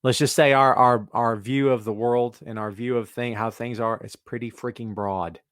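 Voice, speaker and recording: A man's voice: medium pitch, steady tone, moderate pace, a bit bright, clean tone, dry recording, clean studio sound. A middle-aged man hosting a casual wrestling podcast, rambling and joking as he talks to his co-hosts and listeners. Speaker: podcast host.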